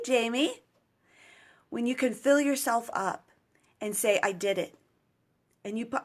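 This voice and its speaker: A woman in her thirties, a mom and certified mentor, talking earnestly and encouragingly straight to the camera in a casual motivational vlog. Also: mid-range voice. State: choked up with emotion at times. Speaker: certified mentor speaking to moms.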